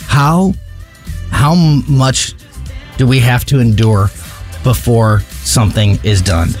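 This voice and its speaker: A man's voice: medium pitch, slow pace, darkish tone, faint music behind. Indignant male talk radio host. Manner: indignant, mocking. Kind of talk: opinionated radio commentary.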